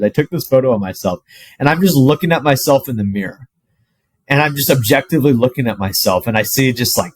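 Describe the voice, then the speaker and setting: Speaking straight to camera, this twentysomething fitness coach recounts something that happened to him in a mid-range voice, free of any echo. His delivery is loose and foul-mouthed, lively, and packed with "like."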